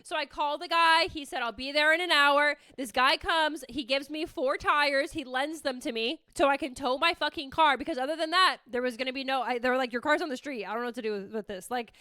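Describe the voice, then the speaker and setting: A young woman from the Bay Area hosting a podcast, telling a story in a rambling, animated way with lots of "like". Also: high voice, brisk, hardly any pauses, no echo, clean studio sound. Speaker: podcast host. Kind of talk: casual storytelling chat.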